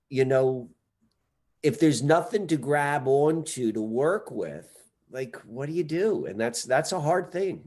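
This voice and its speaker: A man's voice: mid-range voice, a little mellow. A man in casual conversation, earnest and rambling, often restarting his sentences. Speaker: podcast guest.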